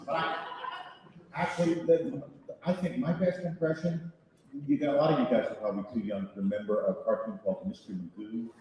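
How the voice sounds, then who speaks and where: A man in his sixties, a voice actor on a convention panel, telling animated, self-mocking stories with chuckles. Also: medium pitch, a little fast, highs cut off, background noise. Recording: echoey hall picked up from far off.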